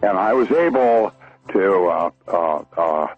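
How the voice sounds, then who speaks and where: A man's voice: deep voice, animated, slow, narrow, tinny audio. An older man, a guest on a radio show, calling in by phone and talking enthusiastically and in technical detail, with frequent fillers and chuckles.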